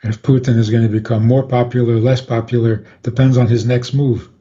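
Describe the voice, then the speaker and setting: A man, a rabbi, calmly explaining on a radio talk program and chuckling often. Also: mid-range voice, brisk. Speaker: rabbi guest. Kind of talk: radio interview, Torah teaching. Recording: dull lo-fi radio audio.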